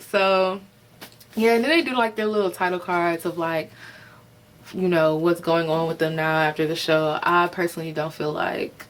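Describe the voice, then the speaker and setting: A woman with a slightly low-pitched voice talks through a reality show episode, sounding tired and loose. She rambles, leans on fillers, swears freely, and giggles as she goes. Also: flat delivery, moderate pace. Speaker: reality TV recapper. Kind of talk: casual unscripted episode review.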